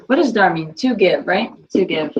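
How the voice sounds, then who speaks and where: A woman's voice: fairly low pitch, expressive, moderate pace, highs cut off. A woman teaching a Spanish class, patiently quizzing students and repeating their answers.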